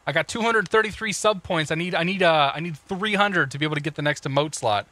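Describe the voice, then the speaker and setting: A man's voice: fairly high pitch, fast talker, pushed and bright, no echo. A man casually talking through cockpit checklists on a live stream, joking and greeting chat viewers as he goes. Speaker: flight sim streamer.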